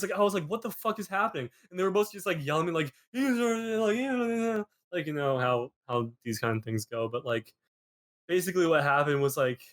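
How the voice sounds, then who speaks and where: A young man hosting a podcast, spinning a story in a loose, rambling way with "like" in nearly every phrase. His voice sits at an ordinary middle pitch and he gets animated as the tale goes on. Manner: rambling, peppered with "like", animated retelling. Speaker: podcast host. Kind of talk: casual storytelling chat.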